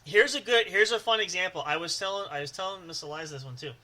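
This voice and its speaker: A man's voice: sits high, fast, a loud crowd. A man co-hosting a casual podcast chat who laughs often and breaks into stammering movie impressions. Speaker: podcast co-host.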